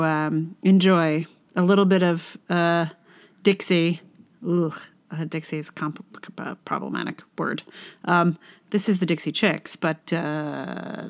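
A slow-talking woman podcast host, rambling and self-correcting. Her voice sits low for a woman, and she pauses between loose, halting phrases with fillers. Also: darkish tone. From Virginia. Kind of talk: casual chat.

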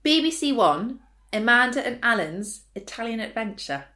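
A woman's voice: fairly high pitch, sing-song, normal speed, bright, forceful tone. A woman in her thirties, co-hosting a casual podcast chat in a frank, opinionated way with dry humor. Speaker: podcast co-host.

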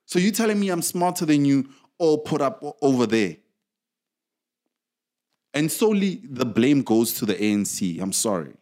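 A South African man ranting in casual commentary, angry and emphatic, with many restarts, loud outbursts and low mutters. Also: sing-song, moderate pace, pauses often.

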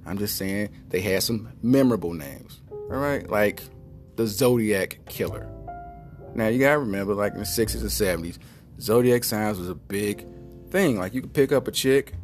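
A man's voice: lowish voice, moderate pace, faint music behind. A man hosting a podcast, telling a rambling, joking comedic monologue and slipping into silly voices. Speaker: podcast host.

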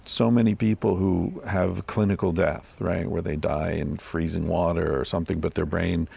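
A man hosts a podcast interview, asking thoughtful questions in a calm, reflective way. His voice sits very low with a heavy gravelly fry. It also has a husky, rough texture. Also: moderate pace. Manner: calm, reflective, short encouraging replies. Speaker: podcast host. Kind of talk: conversational interview.

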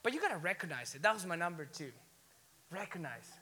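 A male pastor preaching an energetic sermon to a college crowd, telling stories with rising excitement and bursts of shouting. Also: sits high, fast talker. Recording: long hall reverb.

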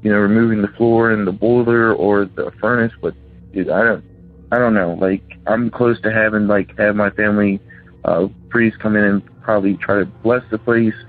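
A man's voice: on the low side, steady tone, moderate pace. A man calling in by phone, rambling and hesitant as he tells a personal ghost story, full of restarts and fillers. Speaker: caller telling a ghost story. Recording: tinny phone line.

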